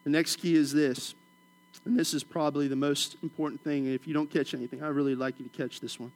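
A middle-aged male preacher from Washington, D.C., with a notably high-pitched voice. He preaches with chuckling, humorous storytelling and sinks into a hushed, low tone to drive his points home. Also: steady tone, fast. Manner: drops to a soft, low voice for emphasis. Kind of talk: sermon.

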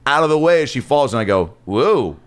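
A man co-hosting a podcast, telling an animated, profane story with laughter in casual chat. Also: mid-range voice, very fast, clear, resonant tone. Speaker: podcast co-host.

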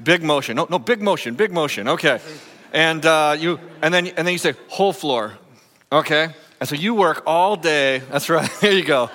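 Bright-voiced male pastor in an echoing church. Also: on the high side, normal speed, a little hiss or hum. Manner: playful, animated, coaching a volunteer. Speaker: senior pastor. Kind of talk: sermon with a live audience skit. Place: church sanctuary. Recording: long echoing church hall.

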